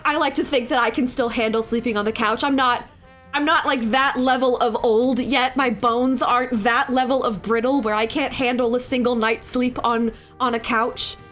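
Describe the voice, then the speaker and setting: High-voiced chatty young woman. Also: fairly even intonation, normal speed. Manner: chatty, rambling, swears freely, laughs often. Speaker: digital art streamer. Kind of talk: casual storytelling while drawing. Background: soft background music.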